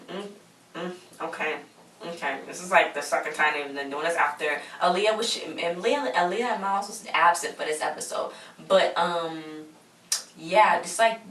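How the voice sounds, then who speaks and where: A woman's voice: lowish voice, a bit bright, slight background noise. A woman casually recapping a TV episode, chatty and rambling, acting out the characters' lines. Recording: echoey room, far from mic.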